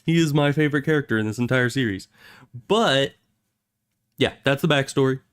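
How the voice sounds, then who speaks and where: A man's voice: mid-range voice, a little fast, a bit bright, clean tone. A young man streaming a game, giving rambling, chatty commentary. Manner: rambling, self-correcting, chatty. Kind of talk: casual gameplay commentary.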